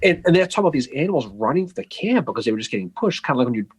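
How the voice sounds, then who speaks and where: A man's voice: medium pitch, very animated, rapid-fire, over a noisy crowd. A man co-hosting a casual history podcast, telling the story with jokes, asides and restarts. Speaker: podcast co-host.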